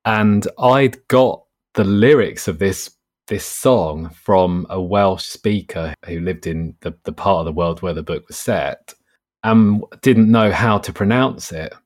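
A man, an author guest explaining his work in a relaxed, storytelling way. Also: low voice, slow. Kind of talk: casual conversational interview.

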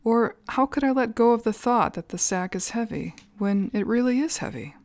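Storybook figure: woman reading as a worn-out young novice monk, breathless and plaintive, lines lifted a little higher than the narration, dry close sound. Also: expressive, moderate pace, darkish tone, no room sound. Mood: pleading. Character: young male novice monk, weary and pleading.

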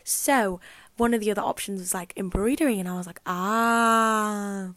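Speaking quickly at medium pitch, a young adult woman rambles through a casual chat on the podcast she hosts alone, filling her sentences with "um" and "like". The recording has no room sound.

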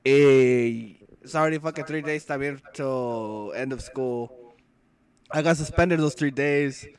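A man's voice: medium pitch, measured pace, darkish tone. A young man co-hosting a podcast, talking in blunt, profane, casual banter. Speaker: podcast co-host. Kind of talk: casual chat.

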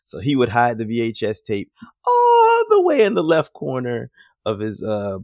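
A young man co-hosting a podcast, telling a childhood story in a lively, profane, casual way. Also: medium pitch, moderate pace, no echo. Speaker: podcast co-host.

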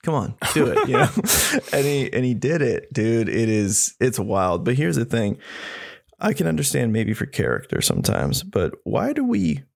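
A man co-hosting a podcast in casual chat, animated and rambling, laughing often. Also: mid-range voice, measured pace, vocal fry. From not from here, moved and drove rideshare. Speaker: podcast co-host.

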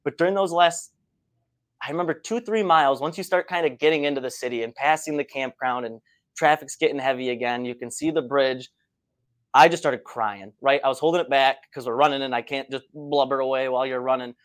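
A man hosting an interview, asking friendly questions and telling his own race story in a relaxed way. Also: mid-range voice, brisk. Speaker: podcast host, runner. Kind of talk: casual conversational interview.

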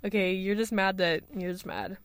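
A woman's voice: steady tone, normal speed, smooth, dry recording, clean studio sound. A young woman co-hosting a casual podcast, playful and swearing, quizzing her friend. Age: young adult. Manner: playful, swears, bursts into high sing-song cheers. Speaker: podcast co-host. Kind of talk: casual chat, trivia quiz.

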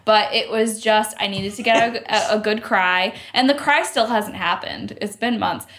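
A woman's voice: mid-range voice, normal speed, a bit bright. A young adult woman co-hosting a podcast, talking frankly in casual chat and telling stories with a swear or two. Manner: frank, chatty storyteller who swears. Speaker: podcast co-host.

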